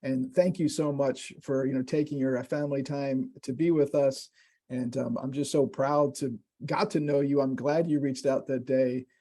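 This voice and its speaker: Rambling, mellow-voiced male host. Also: medium pitch, fairly even intonation, normal speed. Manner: rambling with many fillers and restarts. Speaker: webinar host introducing a guest. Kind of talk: casual conversational introduction. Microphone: video call.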